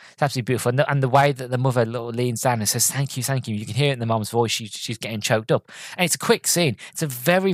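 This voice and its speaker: A man's voice: mid-range voice, no echo. A man hosting a podcast, reviewing a film in a casual, earnest and rambling way, stumbling over and repeating words as he gets sentimental. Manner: sentimental, openly moved.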